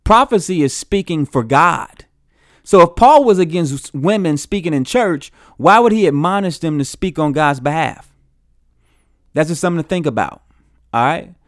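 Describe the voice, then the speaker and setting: A man's voice: a little high, expressive, normal speed, no room sound, studio quality. A man giving an earnest recorded Bible teaching, often repeating and restarting his phrases as he explains.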